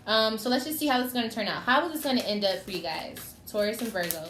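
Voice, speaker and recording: A woman's voice: a little high, fairly quick, a bit bright. A woman giving a casual tarot reading, chatty and teasing, talking straight to the signs she reads for. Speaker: tarot reader. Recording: echoey room with faint noise.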